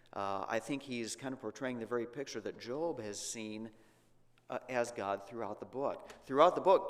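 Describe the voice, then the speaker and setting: A man's voice: mid-range voice, big-room sound. A man teaching a Bible lesson in a church, talking conversationally with frequent restarts and rhetorical questions.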